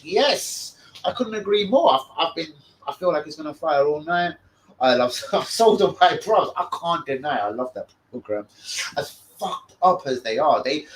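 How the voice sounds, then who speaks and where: Man, brash profane trash talk, animated pitch, slightly raised voice. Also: rough recording. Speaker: host of a fan channel. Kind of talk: live stream rant. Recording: faint background noise.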